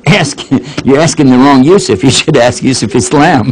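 Against a noisy background, this older man talks at a moderate pace in a mid-pitched voice. Lecturing casually and fielding questions, he spins folksy stories and quotes people with animation.

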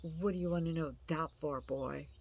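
A woman doing a rough, stern vulture boss. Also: low voice, steady tone, moderate pace, a little mellow, dull audio.

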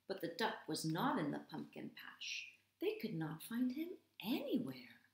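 A woman teacher reading a picture book aloud to children, expressive and asking the listeners questions. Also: on the low side, measured pace, few pauses. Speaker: English teacher. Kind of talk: children's read-aloud storytime. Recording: echoey room.

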